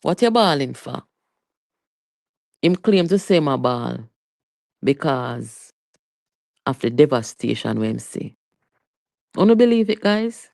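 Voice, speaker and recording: A livestreamer with a Jamaican accent giving a heated, animated political rant, mixing Patois with English and talking straight to viewers. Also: mid-range voice, slow, vocal fry, long pauses, no room sound, clean studio sound. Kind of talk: live political commentary rant.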